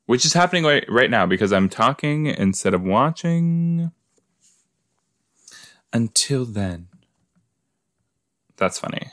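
A man hosts a casual watch-along podcast, rambling and chatting directly to his listeners. His voice is lowish and fairly bright, with lively intonation and a moderate pace. The recording is clean studio sound with no room echo.

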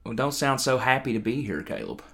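A young man hosts a podcast in a relaxed, joking chat. His voice sits at a middle pitch and swings a great deal, rising and falling as he ribs his co-host. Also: a little fast, breathy edge. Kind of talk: casual chat.

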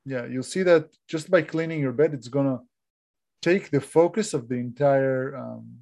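A man's voice: mid-range voice, moderate pace, creaky, a little mellow, muffled recording. A man co-hosting a casual podcast, giving advice in a chatty way, restarting sentences and dropping to a mumble at the ends of phrases. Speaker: co-host.

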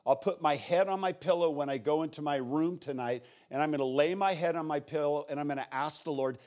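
A guest pastor with an American accent delivers a sermon, acting out shouted voices from the story and going hushed when he prays. His voice is fairly high and brisk, with hardly any pauses.

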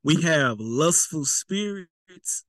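A man's voice: a little high, lively intonation, drawn-out words, a bit bright, dry recording, low-quality recording. Man preaching a casual sermon. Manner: conversational, repeats words, folksy slang.

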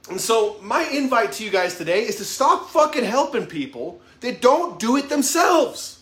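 A man's very high, fairly bright voice swings widely in pitch at a normal speed with hardly any pauses. A motivational vlogger in his thirties, he speaks to camera in an echoey room, blunt and emphatic, cursing heavily while openly admitting his weaknesses.

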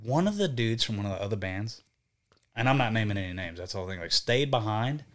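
A man's voice: fairly low pitch, quick pace. A young man, a band vocalist, telling a road story in casual podcast chat, cursing freely and acting out what people said. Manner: profane, animated, acts out quotes.

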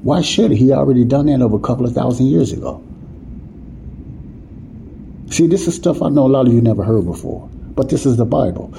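Man, Bible teacher, informal sermon, repeats "you see?", warm dark tone, slight hiss. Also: mid-range voice, animated, fast, creaky. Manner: repetitive, asks "you see what I'm saying?"; informal, nonstandard grammar.

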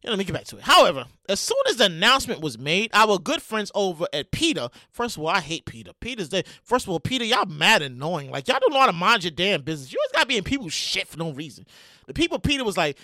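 Loud, excitable podcast host. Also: medium pitch, fast, no echo, clean studio sound. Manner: loud, animated, laughs and shouts often. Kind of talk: casual commentary rant.

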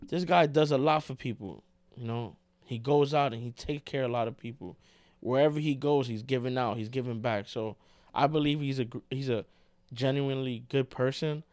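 A man co-hosting a casual podcast, talking in an animated, slangy way and saying "bro" a lot. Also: medium pitch, normal speed, no room sound. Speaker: podcast co-host.

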